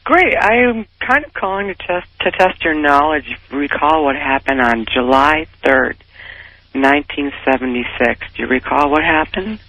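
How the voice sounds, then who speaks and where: A man's voice: on the high side, animated, moderate pace, bright, forceful tone. A man in his thirties calling into a radio talk show, earnest and eager. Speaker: caller. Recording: dull phone line on radio.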